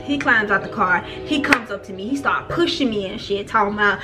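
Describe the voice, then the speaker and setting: A young woman telling a storytime vlog in casual, slangy talk, acting out her own frantic shouts when she quotes herself. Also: medium pitch, fairly quick, few pauses, music in the background. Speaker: vlogger.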